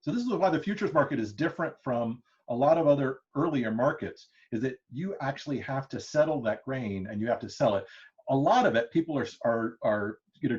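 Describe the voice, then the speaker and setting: The voice is a man's, mid-range and darkish, recorded in a dull, lo-fi classroom setting. He's a history lecturer leading an interactive session, speaking loosely with lots of fillers and restarts and chuckling a good deal.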